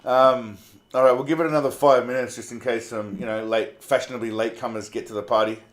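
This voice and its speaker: Quick-paced and steady in tone, a medium-pitched Australian man reads viewer comments on his casual livestream. He keeps it laid-back and conversational, swearing freely and calling folks mate.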